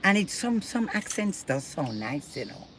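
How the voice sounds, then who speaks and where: A woman chatting casually in a blunt, opinionated way, telling animated stories. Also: low-pitched, moderate pace, a crowd in the background. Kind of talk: casual chat. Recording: noisy background.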